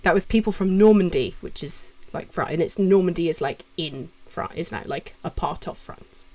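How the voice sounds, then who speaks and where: A woman's voice: on the low side, normal speed, dark tone, slight background noise. A young British woman chatting casually on a live stream from home, reading out viewer comments into a desk mic. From Britain. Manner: chatty and self-interrupting, reading chat names aloud. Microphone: desk mic with adjustable gain.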